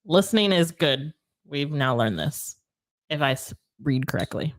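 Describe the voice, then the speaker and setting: A woman's voice: low voice, expressive, a little slow. A woman co-hosting a casual live show over drinks, dry and teasing, laughing often. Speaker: podcast co-host.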